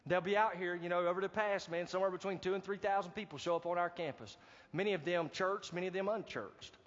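A man preaching a sermon as pastor, animated and calling out to the congregation for responses. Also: sits high, fast talker. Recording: dull, reverberant hall recording.

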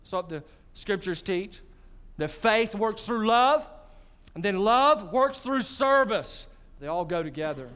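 A male pastor preaches in a church sanctuary with a high, smooth, fairly bright voice, animated but slow. Talking directly to his congregation, he keeps the sermon conversational with asides to them.

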